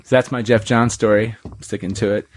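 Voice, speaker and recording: Speaking fairly quickly in a lowish voice, this podcast host spins lively stories during a relaxed chat, performing the quoted lines of the people involved. A little hiss or hum can be heard in the background.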